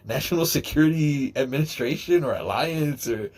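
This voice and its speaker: A man's voice: a little high, normal speed, darkish tone. A middle-aged man telling a casual, rambling story in a joking, digressive way. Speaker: podcaster.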